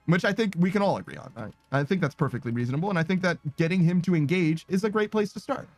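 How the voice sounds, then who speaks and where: A man's voice: high voice, fast talker, no echo, soft background music. A young man chatting casually on a live stream, reading out chat messages and reacting with lots of swearing and laughter. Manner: animated, swearing, breaks into laughter.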